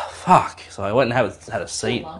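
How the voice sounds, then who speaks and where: A young man, a dad telling a family story in a lively, laughing way, swearing freely while he cooks at home in the kitchen. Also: on the low side, quick pace. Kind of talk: animated casual storytelling.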